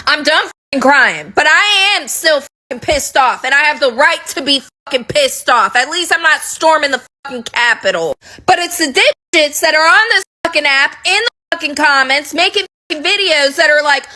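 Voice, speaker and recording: High bright-voiced woman going off, swearing nonstop, sarcastic and fed up. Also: animated, moderate pace, hardly any pauses. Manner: heated, profane, sarcastic. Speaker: social media commentator. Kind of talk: ranting to camera.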